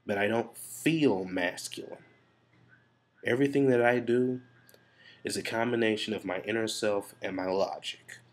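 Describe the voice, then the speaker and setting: A man talks a little slowly into his camera for a confessional vlog, his voice low and deep. Sounding stressed and frustrated, he thinks out loud in a rambling way, swearing freely.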